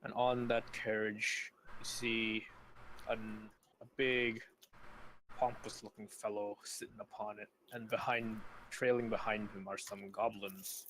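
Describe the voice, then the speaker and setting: Man, game master, lowish voice, halting narration, clears his throat. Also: flat delivery, fairly bright tone, a little hiss or hum.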